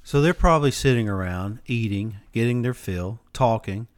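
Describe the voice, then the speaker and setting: A man hosts a podcast, retelling a Bible story in a loose, folksy way. He rambles off on side stories and laughs at his own tangents, at an ordinary, middle pitch for a man. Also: normal speed, smooth. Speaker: podcast host.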